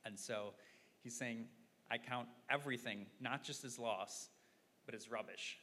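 A man's voice: medium pitch, measured pace, bright, forceful tone. A man preaching a sermon in an earnest, explaining way, often repeating words as he thinks. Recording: long hall reverb, faint noise.

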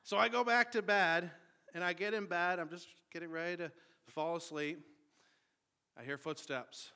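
Bright-voiced pastor telling a story. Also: male voice, sits high, fairly even intonation, moderate pace, clear, resonant tone. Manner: conversational storytelling with many fillers and restarts. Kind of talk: sermon with personal story.

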